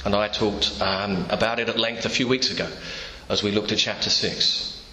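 A man's voice: fairly low pitch, fairly even intonation, moderate pace, pushed and bright, a little hiss or hum. A man preaching a sermon in a church, telling the story through imagined dialogue. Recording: echoey church room, faint ambience.

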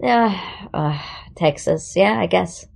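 Woman from Germany, comic guest, low gravelly voice, playful and quick to laugh. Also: darkish tone. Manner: playful, laughing, slips into accents. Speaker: guest comedian and actor. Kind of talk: casual chat.

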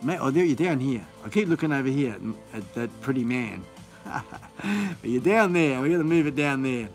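A man's voice: mid-range voice, lively intonation, normal speed, faint music behind. A man hosting a live stream in a casual, rambling, enthusiastic way, full of fillers and restarts.

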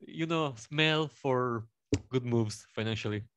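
A man's voice: medium pitch, slow pace, a bit bright. A man taking part in an online forum, joking in a self-mocking way on a video call. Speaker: forum participant. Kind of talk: casual video call chat.

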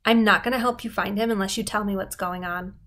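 A woman's voice: mid-range voice, fairly even intonation, fast talker, a bit bright, close to an everyday voice. Woman reads stubborn schoolgirl, firm and insistent, storybook reading.

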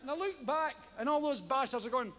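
A Scottish man doing stand-up comedy, telling a story with heavy swearing and loud yelped sound effects. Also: extremely high pitch, brisk, a crowd in the background, noisy background. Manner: animated, profane, loud vocal sound effects. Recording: live hall with audience ambience.

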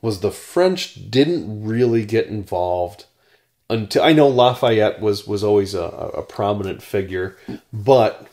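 American man, lowish voice, podcast co-host, hesitant, lots of ums. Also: lively intonation, slow pace, darkish tone. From United States. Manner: hesitant, many fillers and restarts. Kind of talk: casual podcast discussion.

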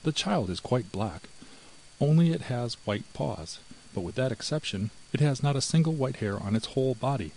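A man voicing a greedy, sly female house cat in a storybook reading, with a cool, smooth manner. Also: medium pitch, expressive, normal speed, darkish tone, poor audio.

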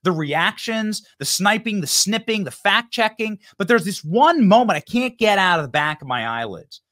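A man in his thirties hosts a political commentary show. He talks in an emphatic, heated way and breaks into sudden outbursts. His voice sits a little high and swings widely in pitch. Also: sing-song, moderate pace, a bit bright. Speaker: show host.

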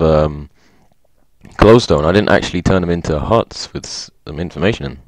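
A man chats through a gameplay session with a deep, low voice, excitable and quick to laugh. He reads in-game text aloud between comments. The sound is dry, with no room echo. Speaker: gaming video host.

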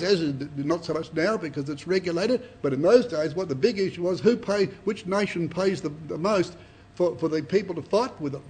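A man's voice: sits high, a little mellow, breathy edge. A man preaching a Bible study to a congregation, reading scripture dramatically and asking rhetorical questions.

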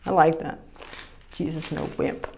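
A woman preaching a sermon in a lively, conversational way, acting out quotes and laughing often. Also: deep voice, a little slow, vocal fry, a little hiss or hum.

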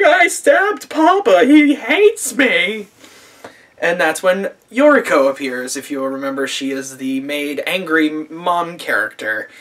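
A man with a fairly high, slightly bright voice recaps an anime episode in a casual video review, recorded on a camera mic. He is sarcastic and profane and laughs often.

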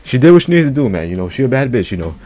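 A man's voice: mid-range voice, very animated, racing, mellow. A man casually reacting to an anime chapter, slangy and profane, who keeps blurting out exclamations.

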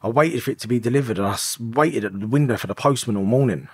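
A man's voice: mid-range voice, fast talker, husky, dry recording, studio quality. A man in his thirties, a podcast guest, telling his story in an emotional, rambling way and swearing often. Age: 30s. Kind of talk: candid confessional storytelling.

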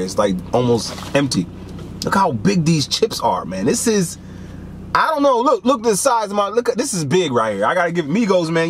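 A young man hosting a casual snack taste-test vlog, animated and joking, with lots of slang. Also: a little high, a little hiss or hum. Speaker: snack reviewer.

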